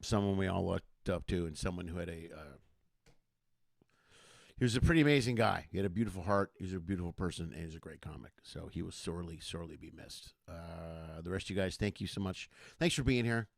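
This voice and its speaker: A man hosting a show, giving somber closing remarks in a halting, soft-spoken way. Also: deep voice, creaky, no echo, clean studio sound. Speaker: show host.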